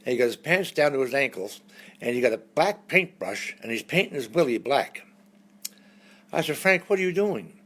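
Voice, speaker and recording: A man, telling folksy jokes and stories between songs on a live stream. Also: medium pitch. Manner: folksy storyteller, lively punchlines. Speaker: entertainer.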